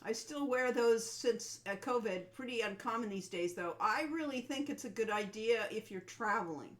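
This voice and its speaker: A woman's voice: on the high side, moderate pace. A woman co-hosting a game developers' livestream, chatting casually and reminiscing in a meandering way. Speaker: co-host of a game developers' stream.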